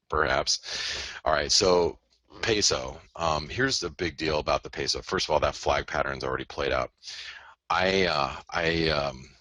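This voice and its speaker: A currency trader hosts a live forex analysis broadcast, rambling through his charts while cracking jokes and cutting himself off. His voice is low and rumbling, unhurried, with a sharp tone and no echo.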